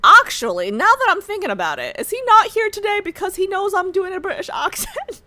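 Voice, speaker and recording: A young woman from New York, chatting casually on a livestream, animated and rambling, laughing often and restarting her sentences. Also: very high voice, quick pace.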